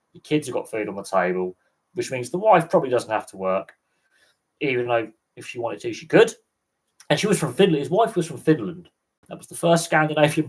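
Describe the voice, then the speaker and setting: A man's voice: mid-range voice, poor audio. A man, chatting casually on a livestream and telling rambling stories with frequent laughs. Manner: rambling storyteller, laughs often. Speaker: sports channel host.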